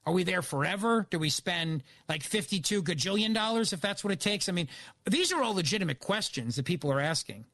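A man's voice: high-pitched, expressive, a little fast, a bit bright, no room sound. A man filling in as a radio host, delivering an opinionated monologue in an emphatic, argumentative way with many rhetorical questions, on a studio microphone. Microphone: studio broadcast microphone.

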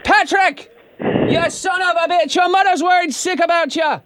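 A man's voice: high voice, brisk, a little hiss or hum, voice pushed up. A man putting on an Irish accent as a rambling prank caller looking for his wayward brother. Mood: yelling. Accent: put-on Irish. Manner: brash, rambling, hamming it up. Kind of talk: prank phone call.

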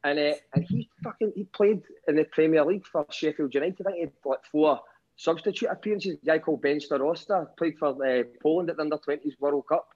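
A man's voice: fairly high pitch, a little fast, darkish tone. A Scottish man with a Glaswegian accent telling a story as a caller, with wry self-mockery and a fair bit of swearing. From Scotland. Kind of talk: casual storytelling. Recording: dull lo-fi call line.

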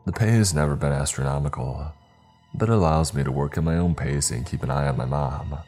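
A man narrating a story in a measured, somber way. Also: extremely low pitch, darkish tone. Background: faint music.

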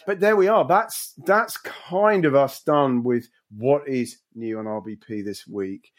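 A man's voice: medium pitch, a little slow. A man hosting a podcast, chatting casually and laughing often. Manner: amused, rambling, laughs often. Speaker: podcast host.

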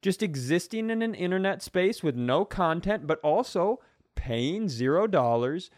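Lively higher-voiced man riffing playfully. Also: a little slow, no room sound, studio quality. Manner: playful bravado, mock-confident riffing. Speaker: podcast co-host. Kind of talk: casual comedic chat.

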